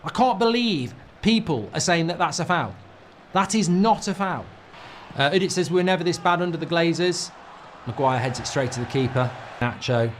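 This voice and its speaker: A man's voice: a little high, lively intonation, moderate pace, a little hiss or hum. A middle-aged man hosting a football fan channel, ranting and swearing through live match reaction commentary.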